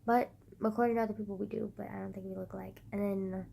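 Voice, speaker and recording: Squeaky-voiced woman, sick and a bit husky. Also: little pitch movement, fast, slight background noise. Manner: loud, giggly, swears a lot, self-mocking. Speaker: vlogger. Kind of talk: rambling casual chat to camera. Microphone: phone front camera.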